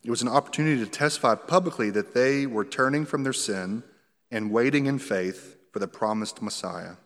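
A man preaches, walking through scripture verse by verse in an easy, conversational way, with flashes of humor. His voice sits at an ordinary pitch. It rings out with the long reverb of a large hall. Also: a little fast. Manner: conversational, explains scripture line by line with light humor. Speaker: pastor. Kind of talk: expository sermon.

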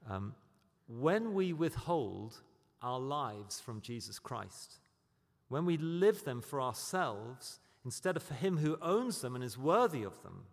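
Emphatic preacher in a reverberant hall. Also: male voice, medium pitch. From Britain. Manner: emphatic, swings from loud declarations to quiet storytelling. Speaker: pastor. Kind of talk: sermon.

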